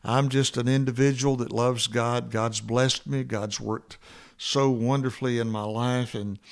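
Guy preaching a bible talk, mid pitch, lots of uh's, slows right down and leans in on the verses. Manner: earnest, repeats key verses slowly and with rising emphasis; frequent "uh" fillers and restarts, warm conversational delivery. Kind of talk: conversational Bible teaching.

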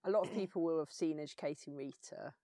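A woman's voice: sits low, quick pace, dark tone, no room sound, clean studio sound. A woman hosting an interview, asking long, thoughtful questions. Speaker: podcast host, interviewer. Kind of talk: conversational interviewing.

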